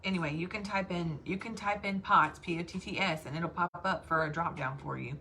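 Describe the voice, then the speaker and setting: A woman's voice: fairly low pitch, a little fast, bright, forceful tone, slight background noise. A woman with a Southern US accent, chatting casually to her sales team and calling them y'all. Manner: chatty, addresses listeners as y'all.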